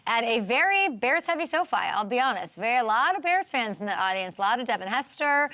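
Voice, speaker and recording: A woman hosting a sports talk show, animated and joking, riffing fast on the weekend's games. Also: on the high side, no echo. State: out of breath. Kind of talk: energetic sports talk monologue.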